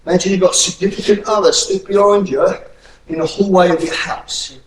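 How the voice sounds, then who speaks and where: A man coaching a self-defence class, his voice sitting a little high for a man. He is blunt and profane and barks drill commands. The sound comes from some way off the mic, in an echoey room with a faint hiss behind it. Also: steady tone, a little fast, recorded from a distance. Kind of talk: hands-on class instruction.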